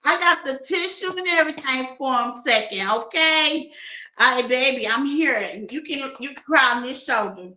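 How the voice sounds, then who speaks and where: A woman's voice: sits high, expressive, normal speed, bright, forceful tone, echoey room, rough recording. A woman doing a casual tarot reading for her viewers, playful and laughing often as she talks to them like friends. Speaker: tarot reader.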